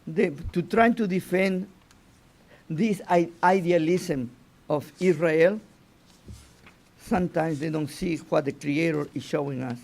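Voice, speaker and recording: High-voiced, slow-spoken rabbi. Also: male voice, vocal fry, darkish tone. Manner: halting, restarts phrases, often asks "you know?". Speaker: rabbi teaching the weekly Torah portion. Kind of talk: informal Torah lesson.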